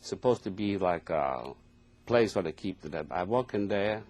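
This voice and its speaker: An elderly man in his eighties from Poland, speaking English, giving oral history testimony in a halting, earnest way with plain phrasing. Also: deep voice, expressive, a little mellow. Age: older, 80s. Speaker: Holocaust survivor giving testimony.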